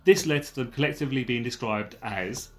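A man's voice: mid-range voice, a little fast, fairly bright tone. Male podcast co-host, wry and jokey, reading out facts. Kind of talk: casual true-crime chat.

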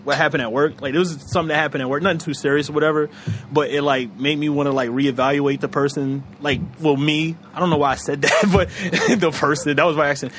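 Young male podcast host, quick and loose, filler-heavy storyteller. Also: fairly high pitch, fairly even intonation, a bit bright, a little hiss or hum. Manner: rambling, heavy fillers, laughs often. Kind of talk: casual chat.

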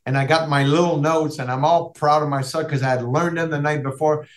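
A man whose first language is French, a podcast guest telling rambling, animated anecdotes. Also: fairly high pitch, a little fast. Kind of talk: casual storytelling.

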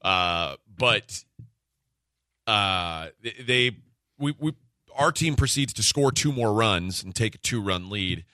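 A man hosting a sports radio show, telling a story in casual chat, animated and acting out the quotes with frequent laughs. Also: lowish voice, slow, no room sound, clean studio sound. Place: radio studio.

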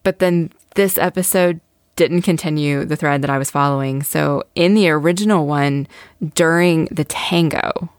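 A woman's voice: low voice, normal speed, clean tone, dry recording, studio quality. A woman in casual podcast chat, recapping a TV episode with enthusiastic, self-deprecating talk.

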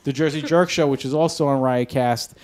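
Lively storytelling man, swearing freely. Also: medium pitch, fairly quick. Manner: animated, swears freely, acts out other people's lines. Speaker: podcast network founder being interviewed. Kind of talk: casual storytelling interview.

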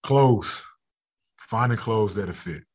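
A man's voice: fairly low pitch, slow, breathy edge. A young adult man, a football player, talking casually in an interview, laid-back and often laughing.

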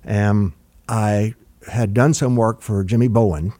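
An older man speaks low and warm, drifting through anecdotes with plenty of ums and restarts. The sound is close and dry, with no room around it. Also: slow pace, dry recording. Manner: relaxed, rambling with fillers and restarts. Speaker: record producer guest. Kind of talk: conversational interview storytelling.

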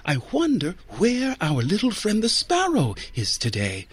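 A man voicing a gentle, chatty young nun who speaks in a bright, coaxing way in a storybook reading. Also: a little high, sing-song, slow pace, husky, voice pushed up, full character voice.

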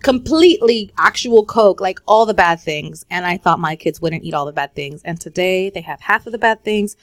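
A woman in her forties, co-hosting a podcast in casual chat, candid and quick to swear, slipping into Spanish phrases. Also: on the low side, lively intonation, no echo. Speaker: podcast co-host.

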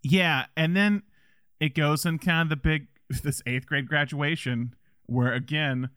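A man's voice: a little high, fairly even intonation, measured pace, a bit bright, clear, resonant tone, dry recording, studio quality. A man casually chatting about a movie as a podcast co-host, rambling with many restarts and laughs.

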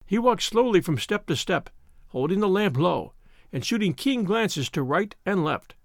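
Narrating a classic tale with dramatic flair, this man uses a fairly high voice that swings widely in pitch. He keeps a moderate pace, and the close, dry recording has no echo.

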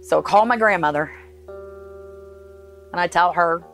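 A woman recounting a traumatic family event, halting and emotional, acting out the voices of others as she speaks. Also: on the low side, a bit bright, faint music behind, poor audio. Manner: halting, emotional, acts out dialogue. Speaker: interviewee recounting a family tragedy. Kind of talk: personal account in interview.

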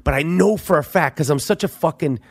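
A middle-aged man hosting a podcast, telling a story in a profane, animated monologue that swings between loud outbursts and hushed asides. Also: fairly high pitch, a little fast, breathy edge. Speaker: podcast host.

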